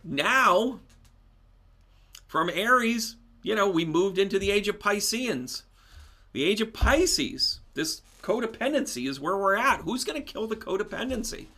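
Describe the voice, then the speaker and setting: Bright, lively-voiced man hosting a live stream. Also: sits high, a little slow. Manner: animated and chatty, breaking into loud laughter. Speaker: spiritual medium and astrology teacher hosting a live stream. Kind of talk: casual live-stream chat with viewers.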